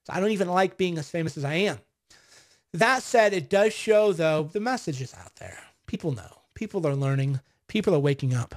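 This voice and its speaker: A man's voice: a little high, expressive, a little fast. A man in his forties chatting casually on a livestream, reading viewer comments and telling rambling, boastful stories with acted-out quotes. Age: 40s. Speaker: vlogger answering viewer comments.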